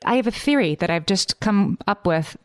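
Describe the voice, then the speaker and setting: A woman's voice: mid-range voice, expressive, normal speed, no room sound. A woman co-hosting a podcast, musing in a wry, thoughtful way with dry humor in casual chat. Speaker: podcast co-host.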